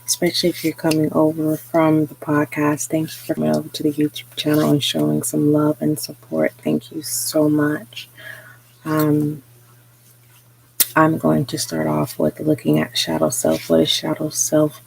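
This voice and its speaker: A tarot reader giving a live spiritual reading, talking slowly and earnestly with frequent pauses and fillers. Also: medium pitch, completely flat delivery, creaky, slight background noise, low-quality recording. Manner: slow, hesitant, many pauses and fillers; earnest, encouraging.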